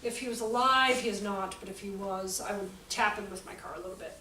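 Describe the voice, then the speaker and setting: A woman in her forties giving a jokey, animated talk to an audience about children's behavior and acting out the quotes. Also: mid-range voice, brisk. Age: 40s. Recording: echoey hall, voice from far off, faint noise.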